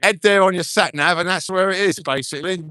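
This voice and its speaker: A man's voice: sits high, brisk, pushed and bright, clear, resonant tone, no room sound. An older man talking bluntly and jokingly into a handheld phone while live-streaming outdoors at a crowded street march. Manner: chatty, blunt, jokey. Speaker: livestreamer at a march. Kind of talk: casual live-stream chat.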